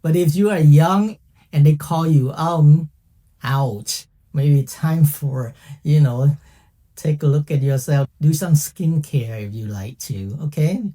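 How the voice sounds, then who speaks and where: Very dark-voiced man teaching casually. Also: on the high side. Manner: chatty, checks in with listeners with frequent "okay?"; playful, laughs at own jokes. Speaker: language teacher. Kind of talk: casual video lesson.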